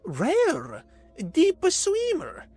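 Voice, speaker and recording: A man voicing a stern female alien elder who speaks in a terse, measured and firm way. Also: very high voice, wildly swooping pitch, faint music behind, pitched above the performer's own voice, heavily acted.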